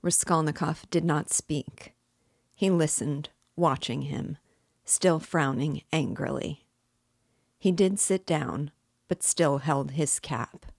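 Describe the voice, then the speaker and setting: A woman reading a classic novel aloud in a measured audiobook narration. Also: low voice, no echo, clean studio sound. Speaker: audiobook reader and literature guide.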